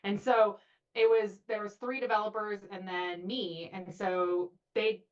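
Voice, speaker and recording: Recorded in dull lo-fi audio, this woman speaks with a medium-pitched, steady, unhurried voice. She's a chatty guest in a casual interview conversation, using "like" a lot and performing the quotes she relays.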